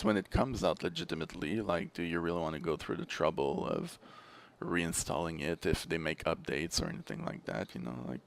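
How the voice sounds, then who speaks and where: A young man with a Canadian French accent, a French speaker, chatting as a guest on a podcast and telling stories in an animated way. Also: low voice, creaky. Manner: animated storyteller, laughs easily. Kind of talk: casual chat.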